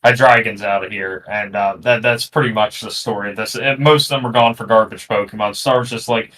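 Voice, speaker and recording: A man with a bright, forceful voice trades teasing jabs on a casual recap show. He sits a little back from the mic, so his voice lands with some distance. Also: lowish voice, fairly even intonation, a little fast, slight background noise. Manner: teasing, needling. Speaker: co-host. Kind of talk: casual podcast banter.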